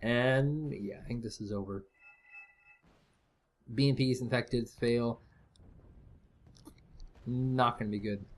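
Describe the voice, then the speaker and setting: A man's voice: medium pitch, steady tone, slow pace, pauses often. A man casting a strategy game match in a rambling, jokey, think-aloud way. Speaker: esports caster. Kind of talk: casual game commentary.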